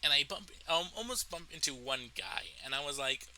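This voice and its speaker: Guy doing a storytime vlog, super bright sharp voice, swears a lot, animated. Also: fairly high pitch, a little fast, slight background noise, rough recording. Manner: animated, profane, laughs at his own story. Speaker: storytelling vlogger. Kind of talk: casual storytime monologue.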